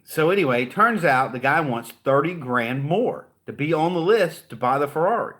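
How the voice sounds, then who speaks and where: A man's voice: fairly high pitch, expressive, normal speed, few pauses, a bit bright. A man who trains car dealers, giving a casual motivational talk as a blunt, chatty storyteller.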